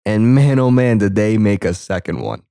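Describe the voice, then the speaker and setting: A young man gives casual reaction commentary over a movie, full of sarcastic asides. His voice sits on the low side. The recording is dry and close, with no room sound. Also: expressive, normal speed, dark tone, clear, resonant tone, no echo.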